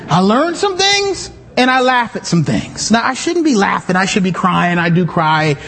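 A man preaching in a church with an unusually high, slightly husky voice. His pitch leaps around as he talks, casual asides breaking into shouted emphasis. A long reverb from the room trails behind every phrase. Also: sing-song, moderate pace. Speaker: pastor. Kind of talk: sermon. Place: church sanctuary.

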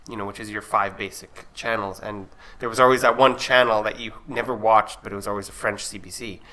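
A man's voice: fairly low pitch, fairly even intonation, brisk, bright, forceful tone. A man from Alberta, a filmmaker guest, chatting casually and rambling with fillers. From Alberta, Canada. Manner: laid-back, rambling with fillers. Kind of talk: casual chat.

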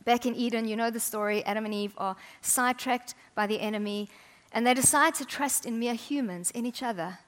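A woman preaching a sermon, chatty and humorous, often dropping to soft, intimate tones. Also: on the high side, a little fast, few pauses.

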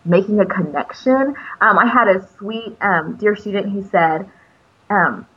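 A woman's voice: mid-range voice, measured pace, husky, dull audio. A middle-aged woman, a teacher mentor, chatting casually on a podcast and telling stories with many fillers and restarts.

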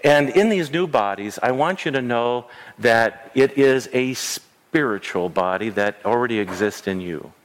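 A man's voice: mid-range voice, animated, measured pace, few pauses. A middle-aged man preaching a sermon as a pastor, earnest, repeating phrases and restarting words as he goes. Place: church sanctuary. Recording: long church reverb.

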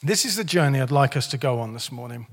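A male pastor preaching a sermon in a church, lively and joking in a conversational way, his voice a bit hoarse. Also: medium pitch, fast, long reverb tail. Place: church hall.

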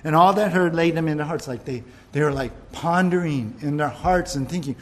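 A man, a pastor, preaching a sermon in an animated storytelling way, with jokes and acted-out bits. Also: on the high side, normal speed, few pauses, slight background noise.

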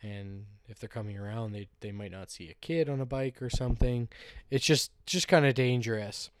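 A man's voice: mid-range voice, normal speed, clear, resonant tone, no room sound, clean studio sound. A man hosting a solo podcast, chatting casually in a loose, rambling, joking way with some swearing. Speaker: podcast host. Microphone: podcast microphone.

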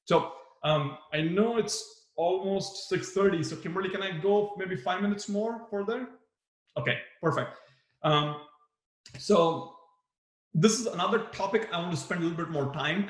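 A management trainer leads a live workshop for new managers, acting out example replies with big swings in his voice. His voice sits a little high, and the room is echoey.

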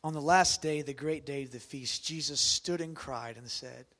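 A man preaching a sermon to a congregation, asking them questions and swinging from loud bursts down to hushed near-whispers. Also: medium pitch, normal speed, hardly any pauses. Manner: conversational, asks the congregation questions. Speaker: pastor.

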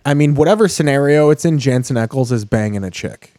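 Podcast host in his thirties, crude riffing banter, warm dark voice, dry mic. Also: mid-range voice, expressive, fairly quick, no room sound. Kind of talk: casual chat watching TV.

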